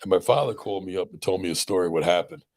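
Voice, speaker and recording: Gravelly man in his sixties telling stories. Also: deep voice, very fast, a little mellow. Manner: rambling, laughs while telling stories. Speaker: podcast host, doctor. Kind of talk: casual storytelling.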